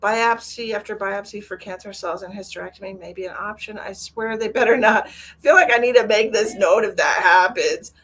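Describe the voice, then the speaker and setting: A middle-aged woman with a brisk, mid-range voice that's a bit bright and slightly rough runs a livestream as a psychic medium. She chats casually, candidly and emotionally, swears freely, and reads viewer comments aloud.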